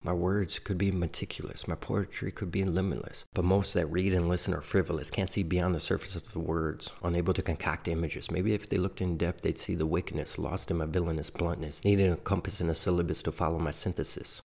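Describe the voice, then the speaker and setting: A man's voice: low voice, steady tone, brisk, vocal fry, hardly any pauses, a little mellow. A man performing rhymed spoken-word rap in dense, confrontational, profane verses.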